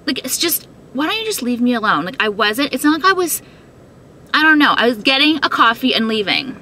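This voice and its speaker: A woman's voice: high voice, big pitch swings, a little fast, bright, forceful tone, slight background noise. A woman vlogger filming herself on a phone, venting to camera in an upset way, swearing often and filling her talk with "like". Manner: upset, swearing, full of 'like'. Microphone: phone held while filming.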